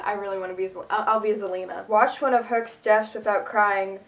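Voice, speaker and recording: A teenage girl chatting casually as a fan vlogger at home, answering questions and doing dares, giggly and excitable. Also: mid-range voice. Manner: giggly and excitable, quick bursts of enthusiasm. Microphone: phone camera.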